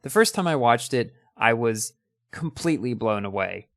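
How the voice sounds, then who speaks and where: A man's voice: mid-range voice, lively intonation, normal speed, a bit bright, no echo, clean studio sound. A young man hosting a casual ranking of his favorite movies, talking with enthusiasm and a few ums and restarts.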